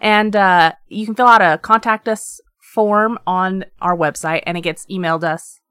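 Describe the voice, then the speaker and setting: A woman's voice: mid-range voice, moderate pace, sharp tone, clear, resonant tone, dry recording, clean studio sound. A woman co-hosting a podcast, reading listener stories aloud with chatty asides and frequent laughs. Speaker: podcast co-host.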